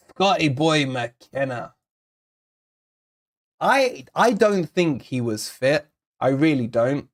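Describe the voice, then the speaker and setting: A man's voice: mid-range voice, big pitch swings, a little slow. A young man hosting a fan channel, giving sarcastic, exasperated player ratings and reading out viewer comments while recovering from covid.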